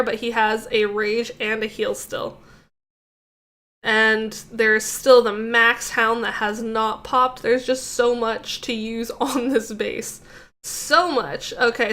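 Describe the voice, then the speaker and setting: A woman's voice: fairly high pitch, sharp tone. A young woman hosting a gaming video, giving a casual, upbeat commentary recap of a strategy game attack. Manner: upbeat, chatty recap with fillers.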